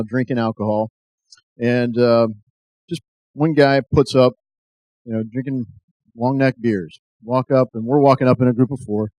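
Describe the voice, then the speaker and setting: A man's voice: mid-range voice, a little mellow, dry recording. A middle-aged American man giving an earnest testimony speech that builds to an emphatic call to action. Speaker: speaker.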